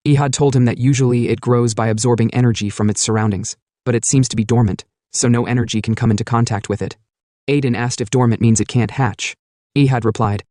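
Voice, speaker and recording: A man narrates a comic story recap at a brisk clip, his voice mellow and dark. He keeps a steady storytelling manner, close to the mic in a dry, dead room. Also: mid-range voice, dry recording. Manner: steady storytelling, quoting lines in same voice.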